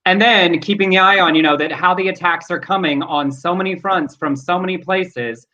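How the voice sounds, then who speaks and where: An earnest male co-host reads news items and reflects on them thoughtfully. His voice is bright and a touch high, heard through slightly muffled, lo-fi audio. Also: moderate pace. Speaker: talk show co-host. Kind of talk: casual news chat.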